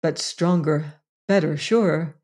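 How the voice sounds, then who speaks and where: Slow, low-voiced woman reading a novel. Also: darkish tone. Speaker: audiobook reader. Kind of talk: scripted narration.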